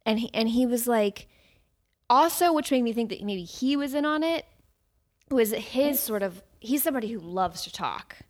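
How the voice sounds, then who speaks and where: A woman's voice: fairly high pitch, moderate pace. A woman co-hosting a podcast, chatting casually and telling stories animatedly, acting out what people said. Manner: animated storyteller who acts out quotes. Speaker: podcast co-host. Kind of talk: casual chat recapping a dating show.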